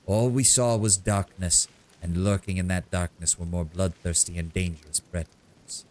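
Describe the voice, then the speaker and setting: A man's voice: sits low, fairly even intonation, darkish tone, close to an everyday voice. A shrewd kobold bard, as a man reads him. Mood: storytelling. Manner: measured storytelling, grows sonorous and dramatic. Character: male kobold bard, shrewd, worldly, teasing. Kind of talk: reading game dialogue aloud.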